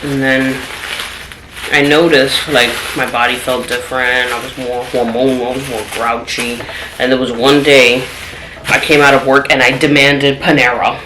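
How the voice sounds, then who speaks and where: A woman telling a personal story in a home vlog, candid and open, her voice going soft and trailing when the story turns sad. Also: a bass voice, little pitch movement, normal speed, background noise. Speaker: vlogger. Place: home apartment. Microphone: phone camera. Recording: echoey room with clattering dishes.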